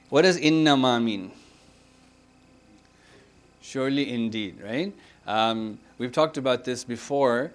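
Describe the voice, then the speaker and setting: A man leading a religious grammar class, asking his students questions, repeating their answers and reciting scripture quickly. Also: medium pitch. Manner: recites Quranic Arabic quickly. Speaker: religious teacher. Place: mosque centre classroom.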